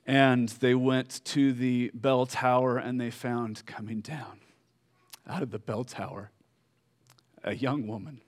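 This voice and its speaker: A man preaching a sermon, telling a story slowly with fillers and pauses, dropping soft at solemn moments. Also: medium pitch. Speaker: pastor.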